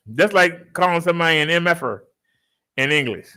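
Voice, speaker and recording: Guy telling a funny story to his followers, kinda high voice, jumps all over the place, laughs a lot. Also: fairly quick, clear, resonant tone. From Baltimore, US. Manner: animated and joking, laughs often, mimics callers in high voices. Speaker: fitness vlogger telling a story.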